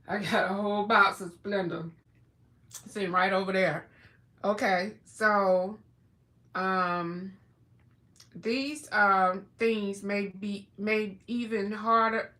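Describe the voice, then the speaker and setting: A woman hosting a casual livestream from home, chatting and reading food labels aloud in a drawn-out way with plenty of fillers. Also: medium pitch, bright, forceful tone. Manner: chatty, slow, drawn-out words, many fillers. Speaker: livestream host.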